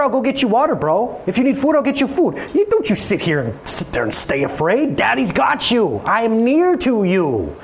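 Animated high-voiced male pastor. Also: slight background noise. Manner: animated, playful, acts out voices. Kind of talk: sermon.

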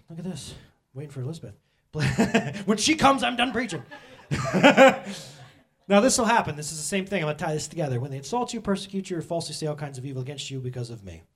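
A middle-aged male pastor telling a personal story in a sermon to his church, animated and self-mocking, often laughing. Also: a little high, breathy edge.

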